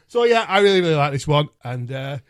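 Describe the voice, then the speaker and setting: A man hosting a podcast, reviewing albums in casual chat, chatty and self-mocking, with a lot of swearing. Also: fairly high pitch. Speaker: podcast host.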